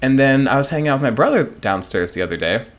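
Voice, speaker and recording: A man's voice: mid-range voice, big pitch swings, quick pace. A man streaming a video game from his home office, chatting casually in a playful, rambling way with jokey asides. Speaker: let's play streamer. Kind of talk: casual gameplay commentary. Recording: faint game music behind.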